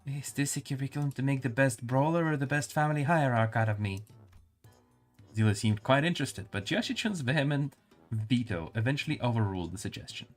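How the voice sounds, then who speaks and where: A man's voice: medium pitch, brisk, faint music behind. A male streamer reading game dialogue and narration aloud, musing and stumbling over hard words.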